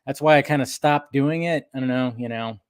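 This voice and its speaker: A man talks in a loose, rambling way as he hosts a casual live stream from home, greeting people in the chat by name. His pitch sits in an ordinary middle range, and the sound is dry and close, with little room echo. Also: fairly quick, smooth. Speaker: host of a live drinking stream. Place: home room with a pub table.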